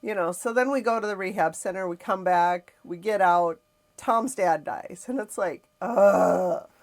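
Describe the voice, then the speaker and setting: This is a middle-aged woman hosting a podcast, speaking at a normal speed in a mid-range voice. She tells a personal family story reflectively and emotionally, sighing frequently.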